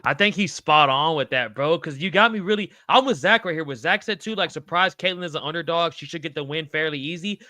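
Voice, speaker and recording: Hyped podcast dude, swears a lot, bright voice, dry close mic. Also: male voice, a little high, fast talker, hardly any pauses, no echo. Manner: excitable, profane, says "bro" constantly. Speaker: podcast co-host. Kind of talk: casual MMA prediction chat.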